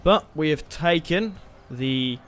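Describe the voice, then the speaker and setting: A man's voice: a little high, lively intonation, slow, fairly bright tone, slight background noise. A man giving casual, thinking-aloud commentary on a strategy game he is playing, and swearing when things go wrong. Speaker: gaming channel host.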